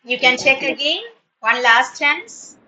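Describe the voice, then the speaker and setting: Bright-voiced woman teacher. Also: high voice, slow, a little hiss or hum, rough recording. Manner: patient, encouraging, praising often; switches into Tamil when explaining. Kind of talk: online spoken English class.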